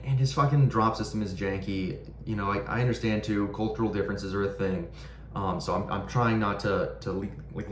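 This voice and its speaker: A man ranting casually, frustrated and profane, rambling with frequent restarts. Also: lowish voice. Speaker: knife collector ranting on his channel. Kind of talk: casual rant. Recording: echoey room with faint ambient noise.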